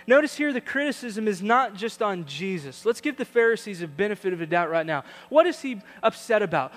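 A man's voice: high-pitched, sing-song, a little fast, few pauses, big-room sound, soft background music. A young adult male pastor preaching a sermon, telling a family story with acted-out voices and building to emphatic points.

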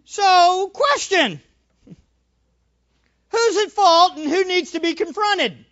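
Animated high-pitched male preacher. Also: takes it slowly, dull audio. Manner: animated, acts out little scenes and repeats phrases for emphasis. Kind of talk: sermon.

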